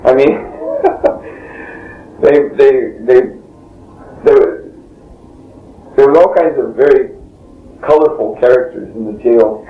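Slow and given to frequent pauses, a man of medium pitch spins out a meandering story for an interviewer, breaking off often with a laugh. A faint hiss sits under the dull, roomy lo-fi tape recording.

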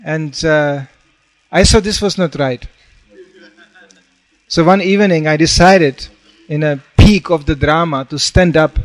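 A man's voice: fairly high pitch, unhurried, pauses often. Storytelling man preaching a sermon. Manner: storytelling with acted-out quotes, frequent "you know". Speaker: monk preacher.

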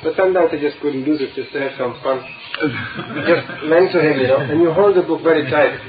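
A man's voice: a little high, fairly quick, background noise. A man giving an informal religious talk full of stories, often laughing and acting out dialogue. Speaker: devotee speaker. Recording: echoey phone-like recording with audience.

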